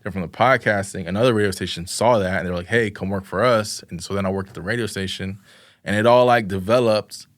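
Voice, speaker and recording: A young man with a somewhat low voice spins a loose, slangy story full of "like" and acted-out quotes. His sound is close and dry, with almost no room around it. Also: quick pace, no room sound. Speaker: podcast guest, videographer. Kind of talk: casual interview chat.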